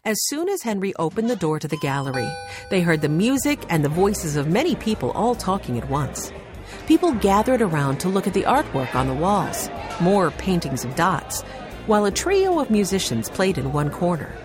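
A woman reading a children's mystery aloud as an audiobook narrator, in a calm, even storytelling manner. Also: lowish voice, normal speed. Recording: background music under narration.

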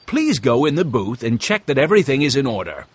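A man voicing a kind middle-aged farmer in a storybook, calm and reassuring. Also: medium pitch, a little fast, breathy edge, no room sound.

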